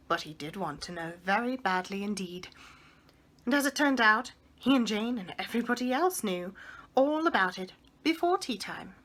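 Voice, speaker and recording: A woman reading a children's book aloud in a measured, expressive storybook manner. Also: a little high.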